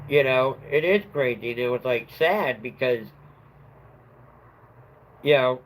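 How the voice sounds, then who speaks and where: A man's voice: mid-range voice, takes it slowly, slight background noise, rough recording. A middle-aged man hosting a livestream, telling a rambling story in a casual chat and laughing at his own tale. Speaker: livestream host.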